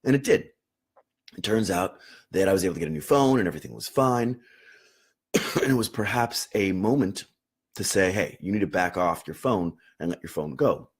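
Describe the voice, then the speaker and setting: A young man talks through meditation and emotion in an earnest, emphatic way, leaning on repeated words to drive points home. His voice sits on the lower side and carries a husky, slightly breathy grain. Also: moderate pace. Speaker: meditation teacher. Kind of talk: unscripted teaching talk on meditation.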